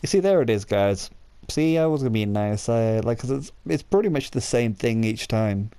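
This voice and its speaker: A man's voice: mid-range voice, expressive, normal speed, dark tone, clear, resonant tone. A young man casually commentating a video game, joking, rambling and a bit crude. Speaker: gameplay commentator. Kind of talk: casual let's-play commentary. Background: game music.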